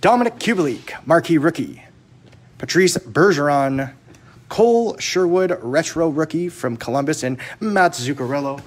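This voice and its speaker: Brief: male card break host, chatty and teasing, voice a touch high. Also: expressive, normal speed, slight background noise. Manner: chatty, joking, teasing viewers, rattling off card names. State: jittery from too much caffeine. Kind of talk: casual live-stream chat.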